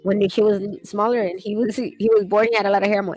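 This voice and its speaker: A woman's voice: mid-range voice, steady tone, fast, darkish tone, poor audio. Young woman rambling while she sketches, laughs a lot, cusses casually, faint music behind her.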